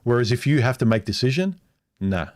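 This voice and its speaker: A man's voice: mid-range voice, very animated, a little fast, darkish tone. A middle-aged man telling a personal story on a casual livestream, frank and rambling, restarting his sentences as he goes. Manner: rambling, frank, restarts often and acts out quoted speech. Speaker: vlogger.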